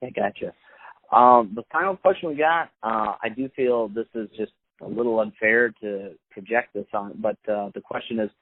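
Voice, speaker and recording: A man's voice: on the low side, dry recording. A man hosting a podcast, talking casually with many fillers and restarts. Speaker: podcast host. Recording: phone-like, dry sound.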